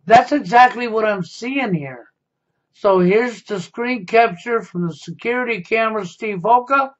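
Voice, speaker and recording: A man's voice: high voice, a little slow. A man giving a confrontational monologue as a commentator, often ending his points with a pointed "okay?". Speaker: YouTube commentator. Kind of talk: accusatory monologue. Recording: dull lo-fi sound.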